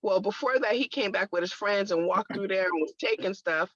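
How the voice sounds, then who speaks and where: A woman's voice: mid-range voice, fairly quick, a bit bright, husky, no echo. A woman sharing a personal testimony in conversation, telling it emphatically with religious exclamations. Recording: dull lo-fi, dry sound.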